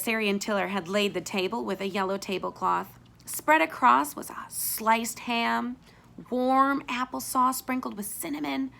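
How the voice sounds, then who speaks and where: A woman's voice: fairly high pitch, creaky, pushed and bright. A woman teacher reading a children's book aloud with expression, stopping to ask her young listeners questions.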